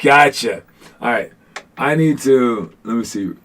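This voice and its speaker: A man's voice: medium pitch, unhurried, fairly bright tone. A man hosting a casual basketball podcast, joking and teasing his chat with lots of restarts. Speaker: podcast host. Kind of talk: casual live-stream chat.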